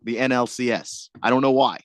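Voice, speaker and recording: A man's voice: mid-range voice, a little fast, no room sound, clean studio sound. A man co-hosting a casual sports radio show. He laughs often and stumbles over his restarts.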